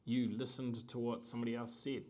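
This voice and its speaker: Kiwi guy ranting on his live stream, chatty, animated, middle-aged. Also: mid-range voice, fairly quick. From New Zealand. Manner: animated, conversational, acts out quoted voices. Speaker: host.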